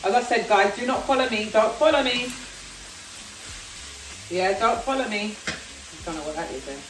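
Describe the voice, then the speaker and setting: A woman's voice: medium pitch, lively intonation, moderate pace, noisy background. A woman with a London accent chatting casually and self-deprecatingly while she cooks at home. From South London, England. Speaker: vlogger. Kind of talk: casual cooking vlog chat. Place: home kitchen. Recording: echoey kitchen, far from mic, sizzling. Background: frying and sizzling food.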